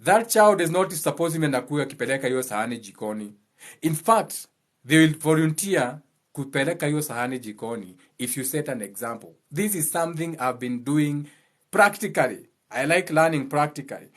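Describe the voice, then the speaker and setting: A man's voice: on the high side, lively intonation, fairly quick. A man hosting his channel, giving a blunt, impassioned monologue full of profanity and repeated phrases for emphasis. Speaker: channel host.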